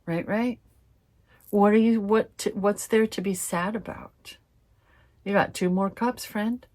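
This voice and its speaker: A young woman doing a casual tarot reading to camera, chatty and excitable, swearing freely and calling her viewers fam. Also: medium pitch, a little slow. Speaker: tarot reader.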